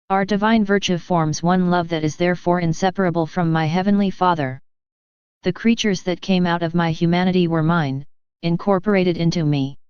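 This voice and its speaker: A woman's voice: fairly low pitch, a little mellow, clean tone, dry recording, lightly acted. A woman reading the words of a sorrowful divine man who pleads for love, in a solemn, earnest way. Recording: dull, slightly lo-fi dry recording.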